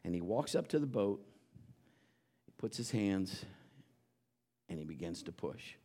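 Storytelling preacher, builds to shouts. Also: male voice, low-pitched, very animated, measured pace. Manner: storytelling with rising, shouted exhortations. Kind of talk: sermon.

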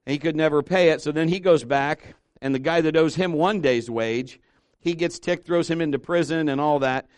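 A man preaching a sermon as pastor, animated and emphatic, dropping softer and lower when reading scripture aloud. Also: normal speed, clear, resonant tone, dry recording, clean studio sound.

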